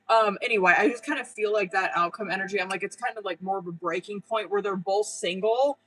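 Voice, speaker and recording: A woman's voice: medium pitch, normal speed, low-quality recording. A young woman doing a live-stream tarot reading, chatty and casual, with lots of filler words, frequent laughs and the odd curse. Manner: chatty, casual and profane, full of "like" and "um"; animated, laughing often. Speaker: tarot reader.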